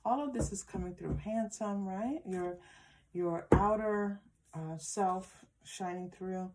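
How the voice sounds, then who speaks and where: A woman giving a pick-a-card tarot reading, speaking gently and affirmingly to her viewers, with frequent restarts. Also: medium pitch, takes it slowly, a little hiss or hum. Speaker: tarot reader.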